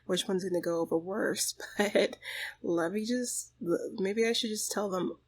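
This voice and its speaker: A woman's voice: mid-range voice, measured pace, husky. A woman voicing a worried, hesitant teenage girl in a life-sim game, thinking aloud about her plans. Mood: anxious. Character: anxious pregnant teen girl.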